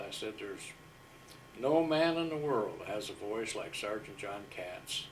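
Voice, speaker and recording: A man's voice: on the low side, far from the mic, a little hiss or hum, low-quality recording. Older veteran man telling war stories. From Iowa, USA. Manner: unhurried, humble storyteller with fillers. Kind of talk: storytelling interview.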